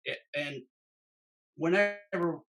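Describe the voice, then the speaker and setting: A man's voice: fairly high pitch, takes it slowly, a bit bright. A man, chatting casually as a podcast co-host, laid-back and swearing. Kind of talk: casual chat.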